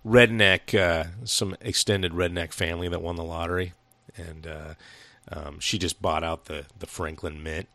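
A man's voice: deep voice, steady tone, normal speed, sharp tone, dry recording. A man co-hosting a podcast, chatting casually about a movie, rambling, swearing a lot and laughing often. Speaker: podcast co-host. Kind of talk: casual profane movie chat.

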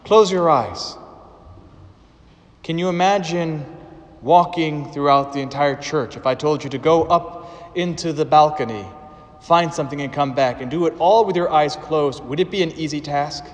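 A man preaching a sermon as a priest, slow and deliberate with dramatic pauses, in a church. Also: fairly high pitch. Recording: church with long reverb.

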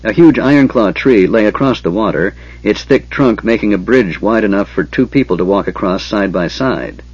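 Husky-voiced man narrating a fantasy audiobook. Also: on the low side, animated, normal speed, few pauses, darkish tone, muffled recording.

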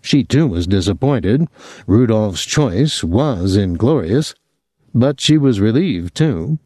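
A male audiobook narrator telling the story in an even, measured way. His pitch moves in a lively way and his tone is dark and mellow. The recording is dry and close. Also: no echo.

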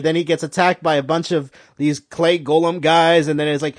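A man in casual talk, recapping a show in a rambling, excitable way with lots of fillers and swearing. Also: on the high side, brisk, no echo. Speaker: podcast host.

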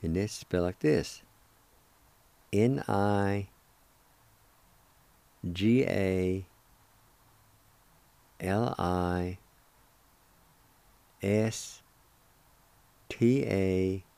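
Middle-aged man, radio lesson host, unhurried, low voice, dry close sound, spells words out patiently. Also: vocal fry, mellow, smooth, dry recording. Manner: patient, spells out and repeats each word syllable by syllable.

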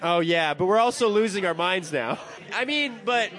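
A man's voice: sits high, expressive, normal speed. A man in casual chat, talking in an easygoing, enthusiastic way. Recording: faint crowd chatter behind.

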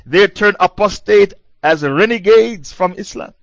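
Giving a religious lecture, a male Islamic preacher mocks and challenges, driving his points home through repetition. He speaks unhurriedly in a high-pitched, gravelly, somewhat bright voice. The audio is dull, lo-fi, and dry.

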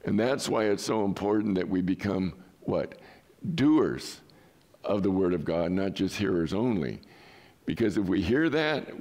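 A male pastor preaching with an emphatic, questioning delivery and well-placed pauses. His low voice has a gravelly fry and swings widely in pitch. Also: darkish tone. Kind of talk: sermon.

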